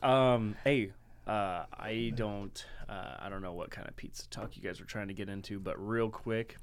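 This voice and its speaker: Lower-voiced, animated male co-host. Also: moderate pace. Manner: animated, jokey. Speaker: podcast co-host. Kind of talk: casual chat. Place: podcast studio.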